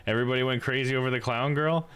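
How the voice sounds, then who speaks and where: A man's voice: medium pitch, fairly even intonation, very fast, fairly bright tone, smooth. A man streaming a game live, chatting in a laid-back way, laughing and talking to his dog. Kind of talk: live game playthrough with read-aloud dialogue.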